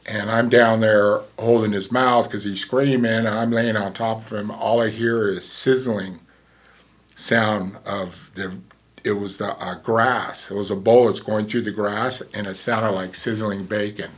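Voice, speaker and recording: A man's voice: fairly low pitch, flat delivery, measured pace. A man in his sixties, a former paramedic, telling a vivid story in a casual way and acting out the dialogue.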